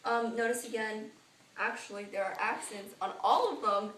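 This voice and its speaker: A woman's voice: a little high, normal speed, a bit bright, slight background noise. Teen girl reciting grammar, echoey room. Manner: careful recitation of verb endings. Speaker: student presenter. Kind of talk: reading a grammar lesson. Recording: echoey room, mic at a distance.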